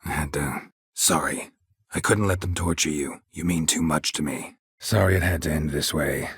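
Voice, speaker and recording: An actor voicing a gruff, terse middle-aged male monster hunter in a video game, speaking in short, flat, clipped lines. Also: moderate pace, dry recording, exaggerated voice. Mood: curt. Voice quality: very husky, low gravelly voice. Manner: clipped, flat, laconic delivery. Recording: dry studio booth.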